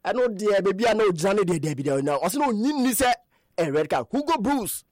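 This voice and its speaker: Excitable high-voiced sports radio host. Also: male voice, brisk, dry recording, clean studio sound. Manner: excitable, rambling, sing-song. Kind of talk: casual sports talk mixing languages.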